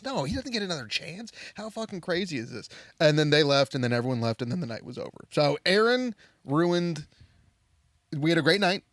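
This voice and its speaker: A young man on a podcast, spinning a bar story with lively swings in pitch and a voice sitting a bit high. He slips into other people's voices as he tells it. The sound is dry and close to the mic. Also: no echo. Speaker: podcast co-host. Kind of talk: casual chat.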